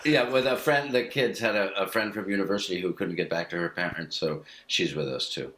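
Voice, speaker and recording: Halting, chuckling American man, lowish voice. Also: fairly bright tone. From United States. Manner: halting, repeats words, chuckles often. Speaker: guest actor. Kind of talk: casual chat. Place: home studio. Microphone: video call.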